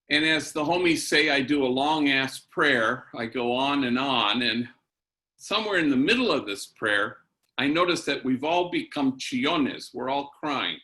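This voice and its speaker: A middle-aged priest tells a story in a keynote address, with a bright, forward tone. He takes his time, pausing on fillers and dropping bits of Spanish slang into his storytelling. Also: mid-range voice. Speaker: priest giving a keynote talk.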